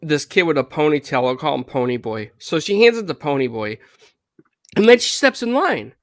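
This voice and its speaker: A man on a gaming podcast, casually retelling a story in an animated way, full of "like" and "you know". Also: a little high, normal speed, dry recording, clean studio sound. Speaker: podcast panelist.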